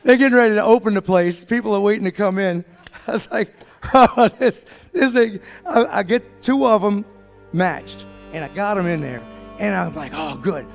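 A man speaking at a business summit, telling a story to the audience in an animated way and acting out what everyone in it said. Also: high-pitched, a little fast, creaky, faint music behind. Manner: animated, acts out the dialogue of the people in his story.

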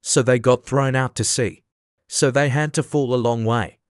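A man's voice: mid-range voice, steady tone, normal speed, no echo, clean studio sound, lightly acted. A man reading as an impatient griffin. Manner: solemn, matter-of-fact delivery. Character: impatient, bossy male griffin creature.

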